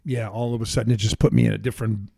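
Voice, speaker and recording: An older man, an actor and comedian, telling casual anecdotes as a podcast guest, lively and laughing as he acts out other people. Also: on the low side, racing, creaky, slightly rough.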